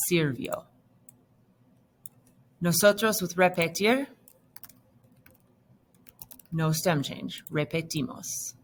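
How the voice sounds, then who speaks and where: A woman's voice: fairly low pitch, a little hiss or hum. A woman teacher explaining grammar step by step in a patient, recorded lesson. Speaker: Spanish teacher.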